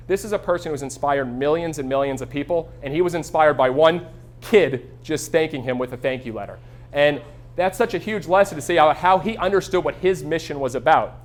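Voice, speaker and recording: A man in his thirties giving a live keynote from a stage. He talks quickly, in a slightly raised voice, and tells energetic stories to the crowd. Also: on the high side. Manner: energetic storytelling, acts out quoted voices. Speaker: keynote speaker. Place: stage before a live audience.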